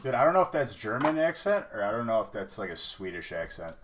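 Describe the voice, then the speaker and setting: A man's voice: on the low side, very animated, fast, background noise. A man hosting a card-break livestream, rambling in casual chat and saying "dude" a lot.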